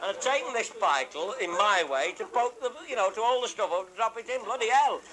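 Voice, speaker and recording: A man's voice: high voice, expressive, fairly quick, poor audio. An older man telling a rambling comic anecdote, earthy and swearing freely as he acts out the voices of the people in it. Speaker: storyteller. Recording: loud background hiss.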